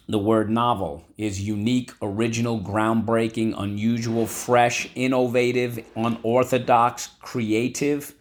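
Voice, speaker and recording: A man teaching a vocabulary lesson from home, repeating words slowly for students to echo. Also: lowish voice. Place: home room.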